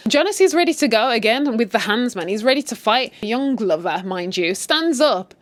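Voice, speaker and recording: A woman retelling a drama series in an animated, chatty way, adding her own commentary. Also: normal speed, few pauses, dry recording. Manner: animated, chatty, swings in pitch for emphasis. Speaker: storyteller. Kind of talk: casual story retell with commentary.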